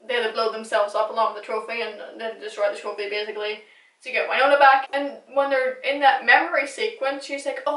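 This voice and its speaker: A woman's voice: high-pitched, a bit bright. A young woman talking through a casual fan recap, gushing and chatty, swearing now and then. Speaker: recap vlogger. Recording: echoey room, distant mic.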